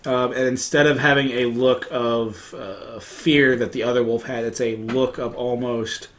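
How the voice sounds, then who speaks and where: A man recapping a tabletop game as its game master, in a halting way with many restarts. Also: medium pitch, steady tone, fairly bright tone. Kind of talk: casual podcast recap.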